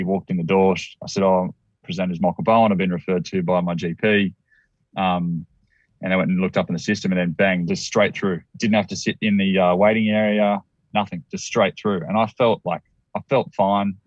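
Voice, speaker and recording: A man's voice: sits low, flat delivery, brisk, dry recording, lo-fi sound. An Australian man telling a personal story as a guest, rambling with restarts and acted-out quotes.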